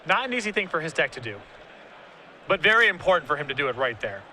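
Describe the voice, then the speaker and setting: A man's voice: fairly high pitch, very animated, fast, pushed and bright, a little hiss or hum. A man giving color commentary on a card game tournament, analytical with a dry sense of humor.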